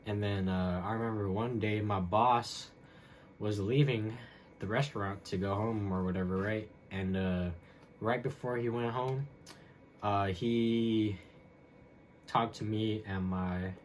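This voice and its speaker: A man's voice: fairly low pitch, steady tone, slow, long pauses, a little hiss or hum. A young man hosting a podcast, telling a story alone in a loose, rambling way with lots of fillers and slang. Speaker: podcast host. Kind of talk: casual solo storytelling monologue.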